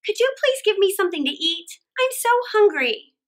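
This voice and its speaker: A woman voicing a poor young boy who speaks quickly and eagerly in a storybook reading. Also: very high-pitched, big pitch swings, fairly bright tone, voice pushed up, heavily acted.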